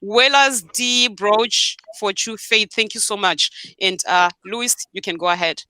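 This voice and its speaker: A woman hosts a live online show over a video call, firm and direct with her viewers, slipping Shona into her English. Her voice is bright and forceful. The sound is dry, with no room echo. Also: mid-range voice, unhurried. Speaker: host.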